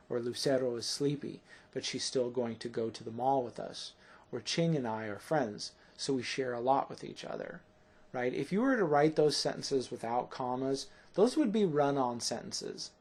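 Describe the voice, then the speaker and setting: Gravelly, husky man teaching grammar. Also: medium pitch, a little mellow. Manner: explanatory, often checking with "right?". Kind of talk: classroom grammar lesson.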